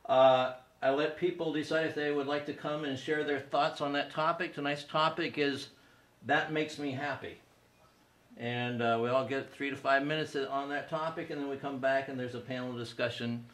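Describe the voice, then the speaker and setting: A man's voice: mid-range voice, steady tone, moderate pace, a bit bright, roomy sound. A man in his fifties hosting a comedy talk show from his living room, delivering a casual, self-deprecating monologue and laughing at his own jokes. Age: 50s. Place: living room with small audience.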